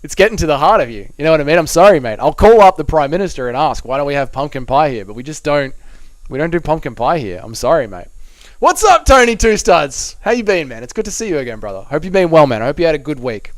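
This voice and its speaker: A man's voice: on the high side, sing-song, fast talker, dry recording. A young Australian man reading out and answering chat messages on a live stream, swearing and bantering in a blokey way.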